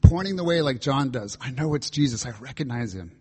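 A man's voice: medium pitch, lively intonation, a little fast, warm tone, slightly rough. A man pastor preaching a reflective, earnest sermon, reading and voicing scripture dialogue as he explains it.

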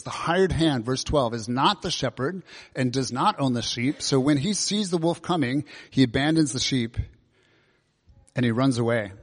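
A man gives a sermon in a relaxed, conversational manner. He leans on questions to the congregation, and his voice carries a long reverb from the large hall around him. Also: mid-range voice. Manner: conversational, asks many questions. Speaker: preacher.

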